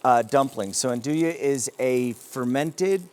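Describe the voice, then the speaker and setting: An easygoing man chef explains his dishes to a TV host in casual, relaxed talk. He stops and restarts now and then as he hunts for the right words. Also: mid-range voice, smooth. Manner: relaxed, easygoing, a bit halting. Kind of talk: casual interview.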